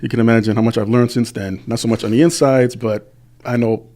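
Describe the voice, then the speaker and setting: Casual interview host, mid-pitched, chuckles, short affirmations. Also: fairly even intonation, fairly quick, warm tone. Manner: chuckles often, gives brief backchannel replies.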